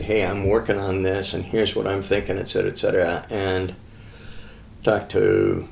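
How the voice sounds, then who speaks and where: A man's voice: deep voice, creaky, echoey room, a little hiss or hum. A man talking casually as a guest, telling a long story with many fillers and acting out quoted dialogue. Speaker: guest, author and ministry founder.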